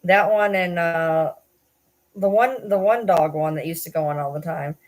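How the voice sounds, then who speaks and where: A woman's voice: on the low side, normal speed, a little mellow. A woman, chatting casually on a live stream, rambling and swearing with frequent laughs. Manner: rambling, swears, laughs often, self-deprecating.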